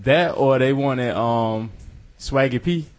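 Man, medium pitch, casual sports banter, teasing. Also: slow pace, darkish tone. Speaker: podcast co-host.

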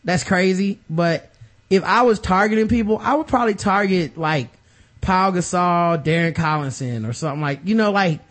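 A man's voice: sits high, normal speed, fairly bright tone. A man hosting a podcast, talking sports casually with loose, joking asides and trailing thoughts. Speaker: podcast host.

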